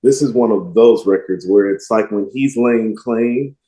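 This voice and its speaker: A man co-hosting a music podcast, speaking with emphatic, animated energy. His voice is mellow and dark in tone, and the recording carries a roomy echo. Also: on the low side, a little slow. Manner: animated, emphatic, quotes lyrics with relish. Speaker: podcast co-host. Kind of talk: casual music discussion.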